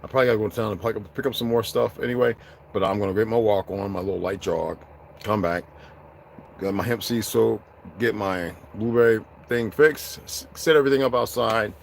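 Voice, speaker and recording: A man's voice: vocal fry, slight background noise. A man hosting a casual, joking chat with his viewers, laughing often. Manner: loose, joking, laughs often, slips into high excited voices. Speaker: channel host.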